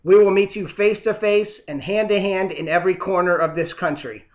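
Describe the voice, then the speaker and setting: A man hosting a political comedy podcast reads the news in a sarcastic, mock-outraged tone as satirical commentary. His voice sits high and steady at a fairly quick pace, with phone-quality sound.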